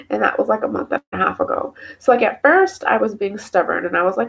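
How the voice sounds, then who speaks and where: Tearful woman venting, with a gravelly edge. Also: mid-range voice, expressive, fairly quick, a bit bright, poor audio. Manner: rambling, venting with many fillers. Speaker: mother talking to camera. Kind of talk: emotional personal vlog.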